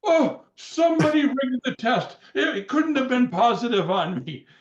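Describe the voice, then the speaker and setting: A man voicing an impression of an excitable older male wrestler who boasts and protests indignantly. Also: recorded from a distance. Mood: indignant boasting. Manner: loud, high, drawn-out exclaiming. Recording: roomy, dull remote sound.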